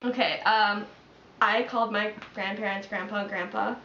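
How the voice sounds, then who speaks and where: A woman's voice: medium pitch, steady tone, moderate pace, bright, forceful tone, echoey room, muffled recording, slight background noise. A woman with a Chicago accent asking her boyfriend accent questions in casual, joking chat, swearing freely. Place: home room.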